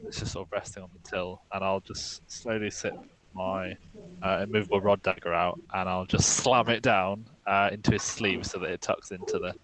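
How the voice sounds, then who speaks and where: A man's voice: low voice, flat delivery, moderate pace, noisy background. A man playing a tabletop game, playful and laughing. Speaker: player.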